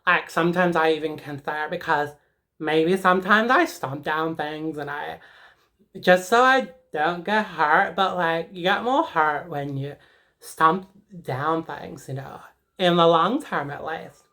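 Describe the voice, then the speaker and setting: Woman playing a dramatic teen schoolgirl, rambly, filler-heavy, slow deliberate delivery, forceful bright tone. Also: sits low, exaggerated voice. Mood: reflective. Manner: rambling, peppered with "like", emotional. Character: sassy, dramatic teenage schoolgirl. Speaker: comedic character. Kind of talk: comedic character monologue.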